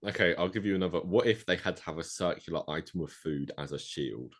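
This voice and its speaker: A man from Europe co-hosting a loose, casual podcast chat, playful and teasing and quick to laugh. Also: low voice. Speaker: podcast co-host.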